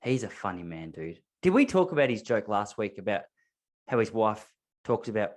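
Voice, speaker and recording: A man's voice: fairly low pitch, big pitch swings, moderate pace. A man hosting a podcast, chatting casually with rambling, self-mocking stories. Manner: rambling anecdotal storytelling with self-mocking humor. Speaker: podcast host. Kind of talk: casual chat.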